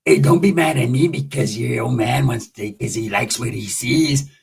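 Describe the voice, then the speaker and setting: Brief: gravelly tough girl, low and defensive, done by a man. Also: moderate pace, a little mellow, full character voice. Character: gravelly-voiced tough woman, Changa.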